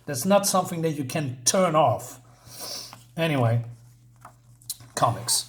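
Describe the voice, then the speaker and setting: A man's voice: a little high, animated, unhurried. A man casually reviewing a comic book, chatty and sarcastic, with frequent fillers and tag questions.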